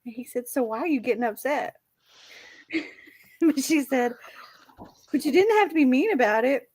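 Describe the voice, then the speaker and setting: A woman's voice: sits high, expressive, moderate pace, darkish tone, no echo. A woman in her forties hosting a casual live chat, reading out text messages and giggling often. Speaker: host.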